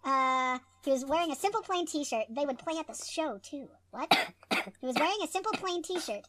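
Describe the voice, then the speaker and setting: A woman reading fan fiction aloud with friends for laughs, jokey and animated, swearing and laughing as she goes. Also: high-pitched, moderate pace, no echo. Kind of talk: casual comedic reading aloud.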